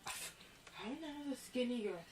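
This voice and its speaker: Brief: high, slow-talking young woman, tired and rambling, giggly outbursts, phone-recorded at home, faint background hiss. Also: expressive. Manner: drowsy, rambling, bursts into giddy laughing fits. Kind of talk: casual home video chat.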